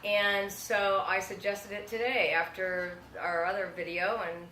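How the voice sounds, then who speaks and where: Bright woman, relaxed, in an echoey room. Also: mid-range voice, a little slow. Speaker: health practitioner. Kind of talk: casual chat. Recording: echoey room with faint noise.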